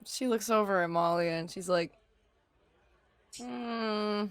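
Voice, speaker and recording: A woman player describing her character in a casual tabletop game, chatty and quick to laugh. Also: fairly low pitch, no room sound. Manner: giggly, chatty.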